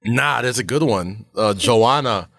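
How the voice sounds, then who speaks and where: A man co-hosting a podcast in casual chat, loud and animated, swearing and acting mock-offended. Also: medium pitch, measured pace, creaky, a crowd in the background. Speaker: podcast co-host.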